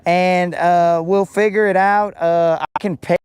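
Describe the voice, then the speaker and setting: A woman's voice: lowish voice, fairly even intonation, a little slow, darkish tone, clear, resonant tone, no room sound, studio quality, natural voice. A man voicing a flustered woman driver who apologizes and pleads after causing a crash.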